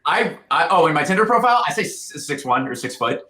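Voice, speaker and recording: A man co-hosting a podcast in casual chat, animated and self-deprecating, laughing often. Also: on the high side, fast talker. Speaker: podcast co-host and comedian. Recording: roomy echo.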